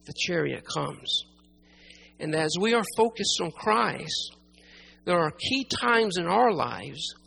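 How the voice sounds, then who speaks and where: A preacher in full sermon, the voice gravelly with a steady rasp of fry. The delivery is emphatic, driving key phrases home through repetition and dropping from loud, pressing peaks to near-hushed stretches. The tone stays bright and forceful throughout. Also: mid-range voice, slight background noise, low-quality recording.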